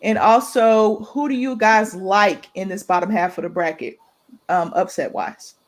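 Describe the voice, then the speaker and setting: A woman's voice: mid-range voice, a little slow. A young woman on a sports talk panel, speaking hesitantly with frequent fillers. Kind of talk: casual sports chat.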